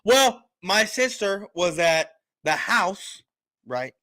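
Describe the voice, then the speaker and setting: A man's voice: sits high, lively intonation, slow pace, bright, forceful tone, dry recording. A man on a casual livestream, telling a family story bluntly and frankly, acting out the dialogue. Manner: self-described attitude, frank and profane. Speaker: show host.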